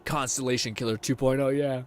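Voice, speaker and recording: A young man streaming a game, chatting excitably, swearing, laughing and reading chat aloud. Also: medium pitch, a little fast, slight background noise. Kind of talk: casual game commentary.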